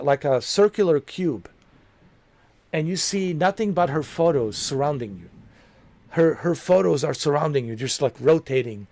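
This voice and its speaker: A man who streams games tells a rambling story in an easy, chatty way, dropping "dude" and "you know" everywhere. His voice sits a little high for a man. The sound is dry and close, with no room around it. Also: creaky, a little mellow, no room sound. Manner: amused, laughs at his own story. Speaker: gaming streamer.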